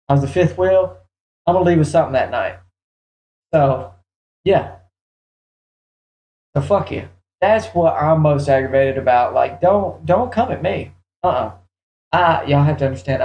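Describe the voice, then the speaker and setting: Profane, animated young man telling a story. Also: fairly high pitch, echoey room, low-quality recording. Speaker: podcast host. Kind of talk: casual storytelling.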